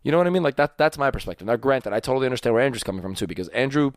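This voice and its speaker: A man's voice: medium pitch, expressive, racing, no echo, clean studio sound. A man co-hosting a casual podcast, talking emphatically with frequent restarts. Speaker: podcast co-host. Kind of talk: casual chat. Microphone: studio mic.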